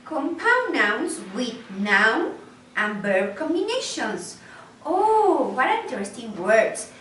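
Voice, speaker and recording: A woman's voice: a little high, big pitch swings, pushed and bright, slight background noise. A woman teaching an English class, patient and explaining each phrase with repetition. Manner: slow, patient, repeats and translates each phrase. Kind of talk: online class instruction. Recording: roomy, distant recording.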